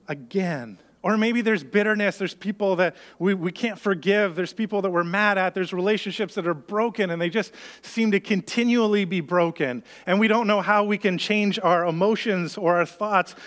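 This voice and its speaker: An earnest man preaching a sermon in a high, light voice. He talks to the congregation conversationally and slips into the worried inner voices of his listeners. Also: steady tone, moderate pace, hardly any pauses, fairly bright tone. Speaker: pastor.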